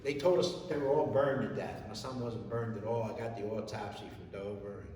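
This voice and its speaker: A man's voice: lowish voice, steady tone, a little mellow, a little hiss or hum. Plain-spoken middle-aged man, echoey hall. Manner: plain-spoken, halting, repeats words and restarts. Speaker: Gold Star father and foundation founder. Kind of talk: emotional personal testimony to an audience. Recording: echoey hall from far off, faint ambience.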